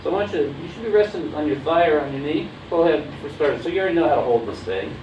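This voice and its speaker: A man's voice: fairly high pitch, lively intonation, very fast. A man coaching a student through a music lesson, checking in after each point. He sounds off-mic in a reverberant room. The recording is dull and noisy. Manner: coaching, checks understanding often. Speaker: horn teacher. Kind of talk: casual one-on-one instruction. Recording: roomy, distant, dull mic with background noise.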